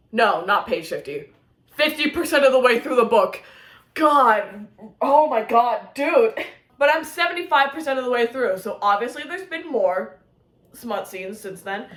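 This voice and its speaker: A young woman talks through a casual reading vlog, her voice pitched high and bouncing with excitement. She gushes and drifts into giggles and squeals, and the room around her rings with a noticeable echo. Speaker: book vlogger.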